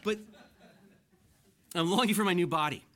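A man's voice: fairly high pitch, moderate pace. Emphatic man preaching a sermon. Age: 40s. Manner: emphatic, swings from loud exhortation to hushed asides. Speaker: pastor. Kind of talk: expository sermon.

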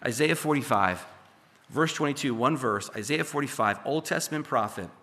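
A man's voice: mid-range voice, expressive, moderate pace, fairly bright tone. A man in his thirties preaching a sermon, building to fervent, emphatic delivery, sweating and dry-mouthed. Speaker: pastor.

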